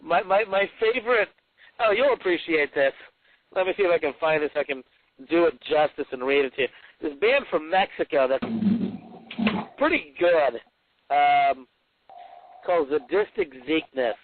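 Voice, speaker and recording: A man's voice: on the high side, moderate pace, pauses often, a little hiss or hum. A man, the author guest, chatting casually and reading excerpts aloud with folksy, rambling asides. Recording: dry tinny phone-like line.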